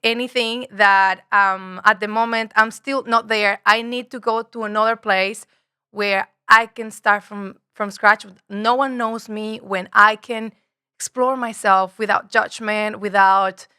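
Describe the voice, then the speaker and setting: Bright-voiced woman, earnest and reflective. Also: mid-range voice, fairly even intonation, measured pace, smooth, no echo, clean studio sound. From Mexico. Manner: reflective, earnest, repeats phrases, swears casually. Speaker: podcast guest, spiritual guide. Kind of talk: casual conversation.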